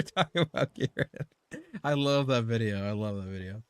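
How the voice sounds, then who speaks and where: A man's voice: medium pitch, measured pace, pauses often, clean tone, dry recording. A man live streaming a game, chatting casually in a loose, rambling way, swearing and laughing often.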